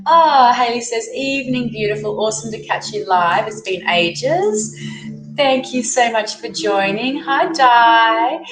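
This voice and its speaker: A chatty Australian woman hosting a livestream, her fairly high voice a little stuffy from a cold. She greets people by name and reads their comments aloud. The room rings with echo, and music plays clearly behind her. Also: animated, unhurried. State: has a cold. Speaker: livestream host, tarot reader. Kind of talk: casual livestream chat. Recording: echoey room with music playing.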